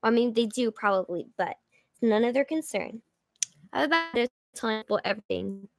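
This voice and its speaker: A woman's voice: fairly high pitch, brisk, gravelly, no echo. A young woman hosting a casual livestream, chatting and rambling with jokey asides as she reads viewer comments. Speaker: livestream host.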